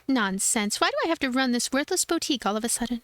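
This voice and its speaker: A woman's voice: a little high, expressive, fast talker, fairly bright tone, no echo, voice pushed up. A woman voicing a grumpy young witch in a game, snappy and indignant.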